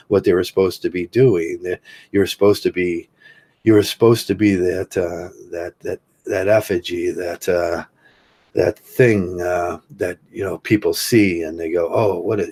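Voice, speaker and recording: An older man hosting a livestream, talking casually in a rambling, halting way with many fillers while he reads chat comments. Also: deep voice, darkish tone, breathy edge. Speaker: livestream host.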